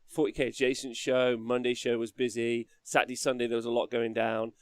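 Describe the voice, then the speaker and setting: A man hosting a casual livestream podcast, chatty and quick to laugh as he reads the chat aloud. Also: medium pitch, little pitch movement, clear, resonant tone, no echo, studio quality. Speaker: podcast host.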